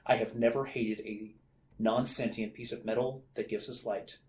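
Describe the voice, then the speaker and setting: A man's voice: fairly low pitch, steady tone, moderate pace, darkish tone. Joking man discussing a book. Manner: reads passages aloud with playful character voices. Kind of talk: casual comedic book discussion.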